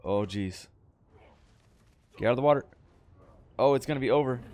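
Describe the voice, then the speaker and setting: A young adult man casually commenting on his video game as he plays, chatty and breaking into excited yells when things go wrong. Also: medium pitch, normal speed, pauses often. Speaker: gaming channel host.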